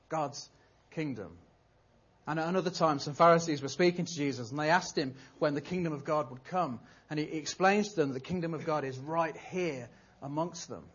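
A man's voice: a little high, breathy edge. A man preaching a sermon in a humorous, conversational storytelling manner. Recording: dull lo-fi recording.

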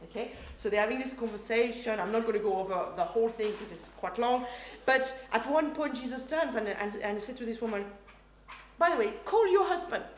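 A woman's voice: on the high side, fairly quick, hardly any pauses. A middle-aged woman preaching a sermon, telling stories animatedly and acting out voices. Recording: roomy hall with faint noise.

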